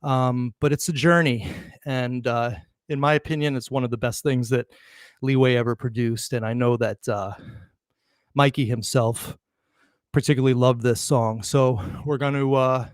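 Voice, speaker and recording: A man's voice: medium pitch, fairly even intonation, moderate pace, clear, resonant tone, no room sound. A man hosts a casual spoken tribute, still out of breath as he talks. His delivery is loose and rambling, full of fillers and false starts. The sound is dry and close, with no room around it. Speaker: show host. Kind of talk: informal spoken tribute between songs.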